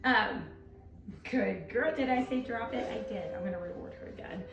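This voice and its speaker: A woman dog trainer explaining a training demonstration while playing, switching between excited praise and firm commands. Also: on the high side, normal speed, creaky, echoey room, recorded from a distance, highs cut off, background noise.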